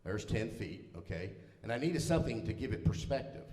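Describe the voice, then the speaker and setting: A man's voice: lowish voice, lively intonation, fairly quick, a little mellow. A middle-aged man preaching a humorous sermon in a church, telling self-deprecating personal stories in a folksy manner. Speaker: pastor. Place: church sanctuary. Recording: roomy church hall reverb.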